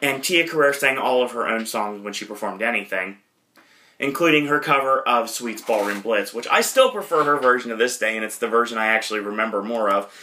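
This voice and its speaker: A man's voice: mid-range voice, brisk, bright, forceful tone. A man hosting a casual movie retrospective podcast, rambling with lots of fillers and self-deprecating asides. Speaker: podcast host.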